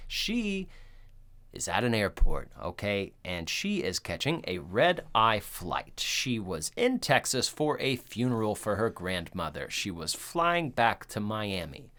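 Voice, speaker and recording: A man hosting a horror movie podcast, telling the story in a rambling, profane, animated way. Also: on the low side, slow pace. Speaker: podcast host. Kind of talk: casual movie recap chat.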